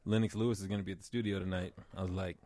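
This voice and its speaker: A man's voice: low-pitched, little pitch movement, rapid-fire, warm tone, no room sound. A man co-hosting a podcast, chatting casually in a laid-back, joking way. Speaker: podcast co-host. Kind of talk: casual chat.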